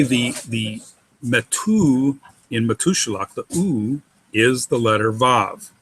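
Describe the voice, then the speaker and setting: A man teaches Hebrew syllable patterns step by step, spelling out letters slowly and carefully. His voice is bright and clear, at an ordinary middle pitch. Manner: patient, methodical, spells out letters.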